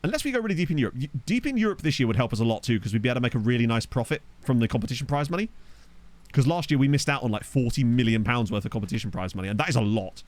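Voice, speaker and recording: This gaming YouTuber races through let's-play commentary in an animated mid-range voice, with no echo. He sits at a desktop USB microphone, chatting casually, swearing freely, and laughing at his own jokes.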